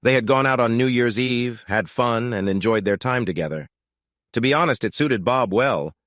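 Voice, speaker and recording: A man narrating a first-person story in a steady, scripted way. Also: medium pitch, moderate pace, no room sound, studio quality.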